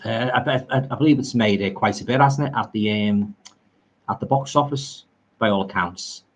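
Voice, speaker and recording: A man's voice: fairly low pitch, moderate pace. A middle-aged man with a Liverpool accent rambling enthusiastically about old films while reading viewer comments on a live stream from home. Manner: enthusiastic, rambling, homely turns of phrase. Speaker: horror film streamer.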